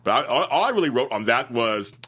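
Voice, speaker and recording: A man's voice: mid-range voice, a little fast, slightly rough. A man co-hosting a podcast, chatting casually about the week's soap episodes and quoting characters in playful voices. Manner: animated, quotes characters in playful voices, laughs often. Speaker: podcast co-host. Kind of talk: casual chat reviewing a TV soap.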